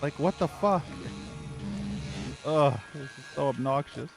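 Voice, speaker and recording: A man's voice: fairly high pitch, slow pace, creaky, music in the background. A man streaming a horror game, ranting with angry, profane commentary and exasperated sighs as he plays. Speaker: gaming streamer.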